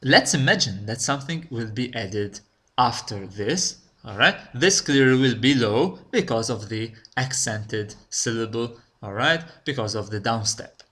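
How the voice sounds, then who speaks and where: A man giving a recorded lecture, explaining step by step in a slow, deliberate way and checking in with "okay?". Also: medium pitch, animated, a bit bright. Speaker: language teacher.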